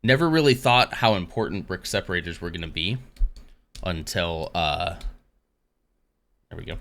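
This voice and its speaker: A man's voice: deep voice, normal speed, fairly bright tone. A man hosting a casual live stream, rambling along between dad jokes. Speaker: livestream host.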